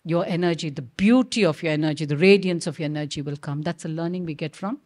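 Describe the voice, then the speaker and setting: A woman's voice: low-pitched, fast. A middle-aged woman, animatedly telling a myth and acting out the dialogue. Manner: animated, acts out quoted dialogue, frequent "okay?" check-ins. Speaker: speaker telling a myth on stage. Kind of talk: storytelling talk.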